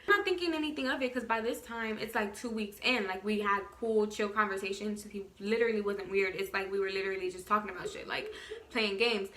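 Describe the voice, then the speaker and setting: A young adult woman vlogger telling a story in casual storytime style, quick, animated and full of swearing. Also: medium pitch. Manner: rapid, profane, animated storytelling.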